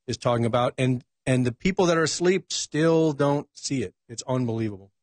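A man's voice: mid-range voice, brisk, no room sound. A man speaking as a talk show guest, reflective and hesitant, with many ums and uhs. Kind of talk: casual political talk.

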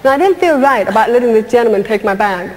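A woman doing stand-up comedy, telling stories in a lively way and asking the audience questions. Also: a little high, fast, long reverb tail. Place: stage before a live audience. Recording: live stage with audience laughter and noise.

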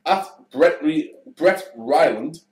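A man's voice: a little high, animated, takes it slowly, darkish tone, reverberant. A male co-host of a comedy podcast reading out silly tweets in a dry manner.

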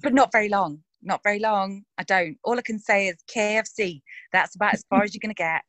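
Woman, mid-pitched, frank and chatty in an interview, laughs a lot; dry, close recording. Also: quick pace, a bit bright, no room sound. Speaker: actress interviewed about her roles. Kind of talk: casual interview chat.

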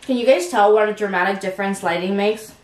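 A young woman hosting an eating show, chatting excitedly with viewers between bites. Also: mid-range voice, fast talker, reverberant, a little hiss or hum. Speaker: mukbang host. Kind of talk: casual eating-show chat.

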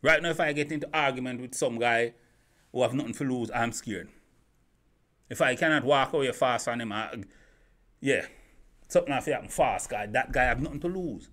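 A man holds forth to his camera in a running opinion monologue. He keeps asking rhetorical questions, circles back to the same points and trips over his own restarts, all at a mid pitch. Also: a little fast, pauses often, a bit bright. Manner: rhetorical questions, repeats himself, stumbling restarts. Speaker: YouTube commentator.

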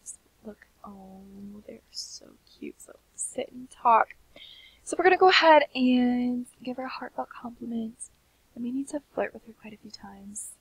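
A young woman giving sleepy, chatty commentary on a life-sim game, often slipping into soft half-whispers. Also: on the high side, moderate pace, vocal fry, slightly rough, no room sound, poor audio. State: sleepy, keeps yawning. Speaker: gaming channel host. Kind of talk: casual gameplay commentary.

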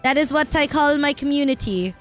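A young adult woman chatting casually with her viewers while she plays a game, excitable and quick to laugh, cursing when things go wrong. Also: high voice, faint music behind. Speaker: streamer. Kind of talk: casual live-stream chat while gaming.

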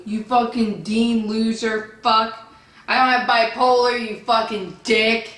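A woman vlogger reading viewer comments aloud and answering them with a profane, insulting rant, often yelling. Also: medium pitch, slow pace. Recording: roomy echo, distant from the mic.

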